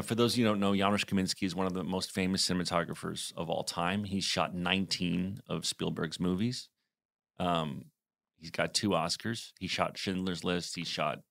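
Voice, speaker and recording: A man's voice: sits low, creaky. A man in his forties co-hosting a podcast, telling a story in a rambling, chatty way with many fillers. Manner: rambling with fillers, animated retelling. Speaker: podcast co-host. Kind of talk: casual storytelling chat.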